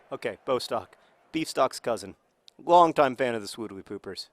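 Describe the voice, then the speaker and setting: A man's voice: mid-range voice, moderate pace, dry recording. A man casually talking while playing a video game, rambling with many fillers and restarts. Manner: bursts into loud excited yelling at the game. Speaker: author and video game player.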